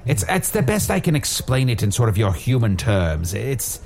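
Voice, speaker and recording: A man's voice: medium pitch, big pitch swings, normal speed, gravelly, slight background noise. A man playing a grandiose, self-important male wizard on an improvised comedy podcast, talking in a pompous, proclaiming manner. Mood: rambling. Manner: pompous, proclaims his titles loudly.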